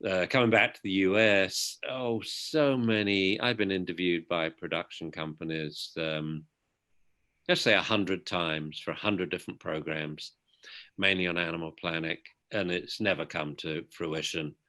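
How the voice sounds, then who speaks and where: British guy, kinda low voice, opinionated and animated, chatting in an interview. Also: measured pace. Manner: outspoken, animated storyteller. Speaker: dog behaviour expert guest. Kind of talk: conversational interview.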